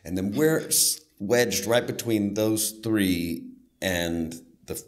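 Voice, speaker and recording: A middle-aged man, an actor being interviewed, telling stories in a casual, animated way and acting out the voices of people in them. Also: fairly low pitch, slow pace. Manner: animated, acts out voices in anecdotes.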